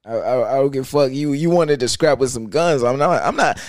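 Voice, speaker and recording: A young man telling a casual story in an animated, profane, rambling way. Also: mid-range voice, fairly quick, no echo, studio quality.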